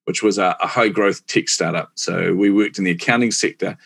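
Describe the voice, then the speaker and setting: A man's voice: deep voice, fairly quick, vocal fry, breathy edge. A man in his forties with a New Zealand accent, telling his career story casually and with many laughs in an interview. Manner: chatty, animated, laughs often. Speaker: guest, marketing executive.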